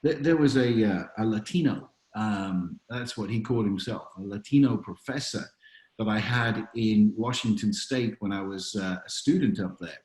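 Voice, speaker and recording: A man's voice: lowish voice, normal speed, darkish tone, echoey room, rough recording. A man, a chaplain being interviewed, speaking reflectively and telling stories with frequent fillers. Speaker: chaplain and author, podcast guest. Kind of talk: conversational storytelling interview.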